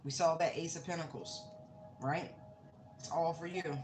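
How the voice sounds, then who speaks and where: A woman's voice: low-pitched, steady tone, moderate pace, noisy background. A woman giving a casual tarot reading, talking bluntly and swearing freely. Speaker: tarot reader. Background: music.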